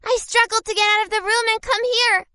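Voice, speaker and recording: Brief: tiny squirrel girl, very high, bright and tense, storybook cartoon. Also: steady tone, a little fast, no room sound, studio quality. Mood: anxious. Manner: squeaky, breathless and pleading. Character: little female squirrel, small and anxious. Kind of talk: children's storybook acting.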